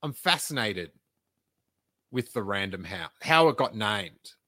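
Jokey man with a bright voice. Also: on the low side, very animated, unhurried, dry recording. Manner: jokey, interrupting, bursts into silly voices. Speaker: podcast co-host. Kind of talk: casual chat.

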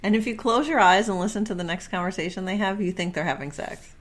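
A woman's voice: medium pitch, fast. A woman co-hosting a casual podcast, tossing in dry, wry quips and asides. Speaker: podcast co-host. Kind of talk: casual chat.

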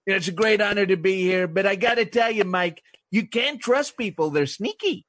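A man voicing a squeaky, exaggerated caricature of a boastful older male politician. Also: expressive, a little fast, fairly bright tone, dry recording, clean studio sound.

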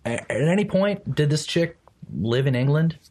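Husky man ranting with lively pitch. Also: moderate pace. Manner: ranting, profane, emphatic. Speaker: podcast panelist. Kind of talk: casual chat.

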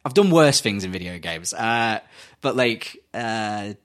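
A man's voice: lowish voice, lively intonation, a little slow. A man co-hosting a casual podcast, telling rambling stories with lots of laughter and swearing. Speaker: podcast co-host.

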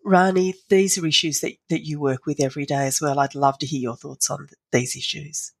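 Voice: medium pitch, steady tone, brisk, gravelly, slightly rough. A podcast host and researcher leading a conversational interview, engaged and inviting guests to share their thoughts.

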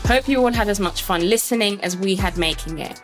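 A woman's voice: medium pitch, a little fast. A woman host delivering a scripted podcast outro in an upbeat, polished way. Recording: music bed clearly behind.

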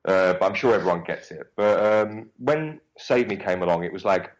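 Deep-voiced cockney guy. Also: normal speed, poor audio. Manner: swears freely, rambling and animated. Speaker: actor guest. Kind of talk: casual interview chat.

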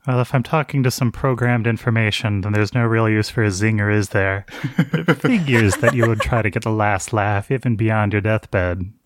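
A man's voice: fairly low pitch, normal speed, dry recording, natural voice. Wry guarded apprentice chef, voiced by a man, dry and sardonic, close dry sound.

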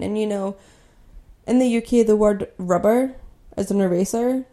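A woman's voice: mid-range voice, moderate pace, pauses often, mellow. A young woman from Scotland hosting a podcast, telling a personal story in a candid, conversational way with lots of "like" and "you know". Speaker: podcast host.

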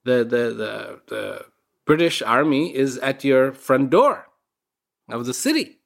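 A man's voice: mid-range voice, sing-song, slow pace, gravelly, voice pushed down, exaggerated voice. A man voicing anxious palace guards in a retold story, urging their ruler to flee. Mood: urgent. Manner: urgent, pleading warnings.

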